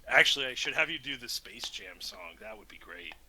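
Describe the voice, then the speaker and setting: A man playing a tabletop game over voice chat, joking and halting, worn out late at night. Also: mid-range voice, sing-song, pushed and bright, a little hiss or hum, poor audio. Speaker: player. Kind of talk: casual voice chat.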